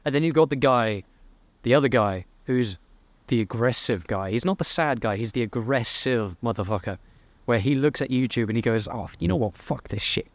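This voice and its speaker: A man's voice: medium pitch, moderate pace, no room sound. A young man, giving a blunt, swearing motivational talk to camera as a self-improvement vlogger. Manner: blunt, profane, fired-up.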